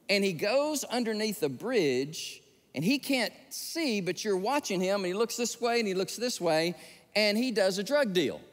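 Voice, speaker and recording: A man preaching a sermon as pastor, telling stories animatedly and acting out the people he quotes. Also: high-pitched. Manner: animated storytelling, acts out quoted voices. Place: large church sanctuary. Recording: long hall reverb.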